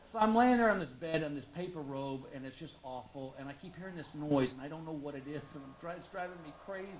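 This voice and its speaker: A middle-aged man telling a stand-up comedy story on a live stage, animated and acting out the people he quotes. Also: quick pace. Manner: animated, acts out quoted people, leaps high when exclaiming. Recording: roomy live venue with audience noise.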